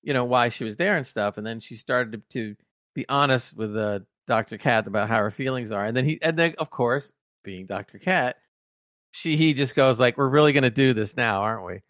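A man co-hosts a casual review podcast, retelling scenes with lively enthusiasm. His voice sits at an average pitch. The sound is dry and close, with no room around it. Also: normal speed, no room sound. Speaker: podcast co-host.

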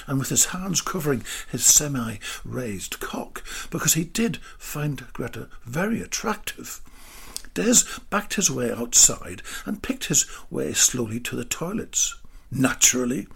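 A man narrating a story slowly, dropping into whispered asides. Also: medium pitch, vocal fry, breathy edge. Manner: slow, drawn-out delivery with whispered asides.

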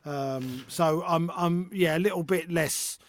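Brief: man, 50s, high-pitched, dry close sound, chatty guest who acts out stories. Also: measured pace, no echo. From North London, England. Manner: animated storyteller, acts out voices. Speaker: guest author and comedian. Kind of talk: casual chat.

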